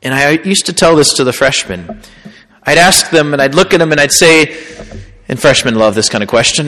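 Priest, male, dramatic preacher voice, loud to hushed, long hall reverb. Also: on the high side, a little fast. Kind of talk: sermon.

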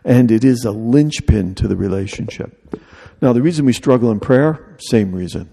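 Gravelly-voiced man preaching in a hall. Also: mid-range voice, lively intonation, moderate pace, warm tone. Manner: humorous, conversational preaching with mock dialogue. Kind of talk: sermon.

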